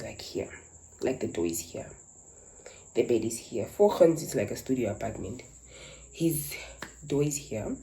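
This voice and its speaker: Young woman, low mellow voice with a very lively pitch, for a dramatic casual storytime. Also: rough recording. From Namibia. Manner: animated, dramatic retelling. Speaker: content creator.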